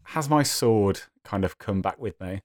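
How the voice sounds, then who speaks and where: A man's voice: fairly low pitch, animated, unhurried, darkish tone, dry recording, studio quality. A man playing a tabletop game, speaking hesitantly with lots of fillers. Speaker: player.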